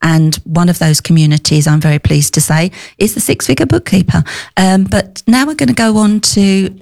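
A woman's voice: lowish voice, moderate pace, vocal fry. A middle-aged woman hosting a business talk show, chatty with lots of fillers. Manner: chatty, warm laughs, many fillers. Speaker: podcast host. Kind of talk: casual chat.

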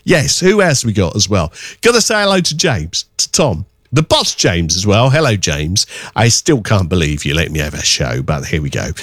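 A man presenting a radio show, chatting casually and sending shout-outs with a cheeky, teasing, self-mocking manner. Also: low-pitched, big pitch swings, normal speed, no room sound, clean studio sound.

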